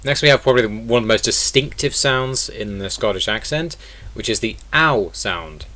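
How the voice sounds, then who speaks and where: A man's voice: medium pitch, expressive, normal speed, bright, forceful tone. A man teaching an online lesson in a casual way, explaining step by step and repeating example words. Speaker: accent teacher.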